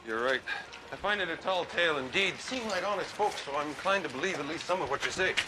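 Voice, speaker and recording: An actor playing a skeptical middle-aged city cop, speaking in a measured, wary way in a film clip. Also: male voice, a little high, expressive, very noisy, lightly acted. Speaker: police officer in a film clip. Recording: film soundtrack with loud street ambience.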